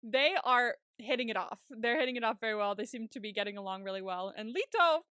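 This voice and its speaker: Woman podcaster retelling a show, lively and laughy, kinda high voice, dry close sound. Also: fast talker, smooth, dry recording. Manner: animated retelling, acts out characters' lines, laughs often. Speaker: podcast co-host. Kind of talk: casual recap chat.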